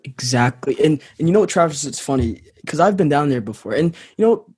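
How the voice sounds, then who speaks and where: A man's voice: on the high side, expressive, a little fast, a little mellow, husky. A man co-hosting a podcast, casually chatting and telling a parable, acting out the characters' voices. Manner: storytelling, acts out voices in a parable. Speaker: podcast co-host.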